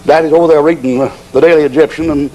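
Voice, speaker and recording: A man's voice: a little high, steady tone, fast talker, warm tone, rough recording. A man preaching a sermon as a folksy, humorous storyteller.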